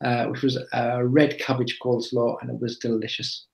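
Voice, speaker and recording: A man's voice: medium pitch, flat delivery, moderate pace, creaky, darkish tone. Rambling chatty man, roomy echo. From England. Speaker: podcast co-host. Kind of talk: casual chat.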